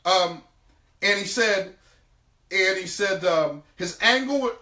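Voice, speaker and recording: A man preaching a sermon, retelling scripture in lively everyday speech. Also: high voice, takes it slowly, roomy sound, far from the mic. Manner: animated, retells scripture in casual everyday talk. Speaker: preacher teaching on business and faith.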